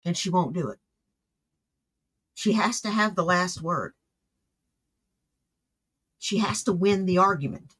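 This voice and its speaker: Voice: mid-range voice, slow pace, pauses often, fairly bright tone, slightly rough. A commentator speaking bluntly and with exasperation, reacting to a stream.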